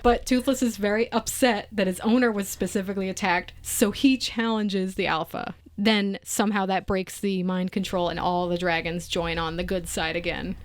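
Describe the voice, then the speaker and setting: A woman's voice: mid-range voice, fairly even intonation, moderate pace, few pauses. A woman co-hosting a podcast, animatedly recapping a movie and laughing often. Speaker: podcast co-host. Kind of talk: casual chat.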